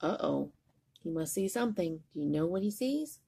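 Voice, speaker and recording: An older grandmother reads a picture book aloud with lively, sing-song expression. Her voice is husky and gravelly, low and mellow in tone, rising and falling widely as she reads. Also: normal speed. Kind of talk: storytime read-aloud.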